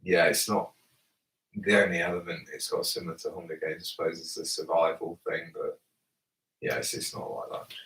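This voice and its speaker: Deadpan low voiced guy cohosting a gaming stream, echoey room. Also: moderate pace, far from the mic. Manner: dry, deadpan. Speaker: podcast co-host. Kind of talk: casual live-stream chat. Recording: echoey room, away from mic.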